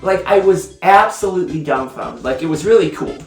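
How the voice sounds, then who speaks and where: A man's voice: a little high, expressive, a little fast, vocal fry, soft background music. A man giving a casual, rambling whiskey review, telling stories with lots of fillers. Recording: roomy, mic at a distance.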